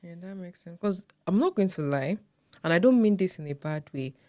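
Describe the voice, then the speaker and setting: Low-voiced Nigerian woman, dry sound. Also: fairly quick, no echo. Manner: relaxed, agreeable, frequent backchannel murmurs. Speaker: podcast co-host. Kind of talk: casual chat.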